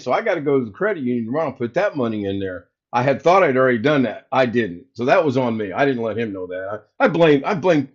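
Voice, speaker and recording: A man hosting a casual livestream from home, telling a story and acting out both sides of a phone call. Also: mid-range voice. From United States. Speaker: livestream host. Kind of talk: casual storytelling to live chat. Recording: slightly dull lo-fi sound.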